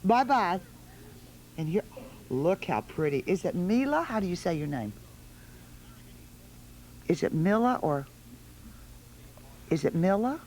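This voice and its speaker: Woman TV host, studio, sing-song coaxing of children, very animated pitch, faint background noise. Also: a little slow, pauses often, rough recording. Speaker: television host. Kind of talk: chatting with small children on a holiday broadcast.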